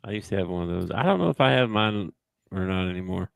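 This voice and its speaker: A man's voice: low-pitched, very animated, fast talker, vocal fry, clear, resonant tone, dry recording. A man co-hosting a sports podcast, talking in an easygoing, chuckling casual way. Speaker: podcast co-host. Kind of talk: casual chat.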